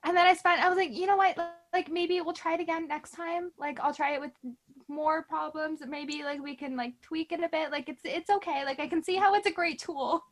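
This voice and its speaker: A woman's voice: sits high, fairly even intonation, a little fast. A woman co-hosting a casual podcast about knitting, chatty and self-deprecating, often laughing. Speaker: podcast co-host. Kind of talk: casual chat.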